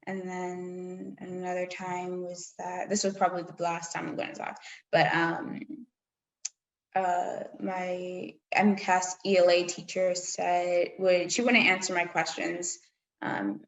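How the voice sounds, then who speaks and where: A woman's voice: lowish voice, gravelly, fairly bright tone. Candid teenage girl telling her story. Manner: candid, storytelling with acted-out quotes. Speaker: student panelist. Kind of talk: personal account at a panel discussion. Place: public library meeting room. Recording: roomy library hall.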